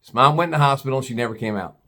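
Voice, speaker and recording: A man's voice: medium pitch, very fast, sharp tone. A man telling a story in a blunt, profane, scornful rant, slipping into put-on voices for other people. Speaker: vlogger. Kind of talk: ranting storytelling monologue.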